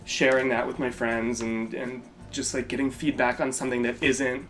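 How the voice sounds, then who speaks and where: A woman's voice: very deep voice, little pitch movement, normal speed, soft background music. A woman from the theater world talking reflectively in a casual group conversation. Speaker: theater performer.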